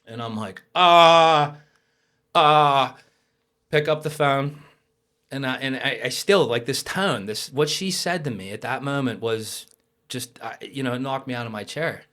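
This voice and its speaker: A young adult man telling a personal story as a podcast guest, lively and casual, with swearing. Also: medium pitch, moderate pace. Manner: animated, swears, acts out quoted voices.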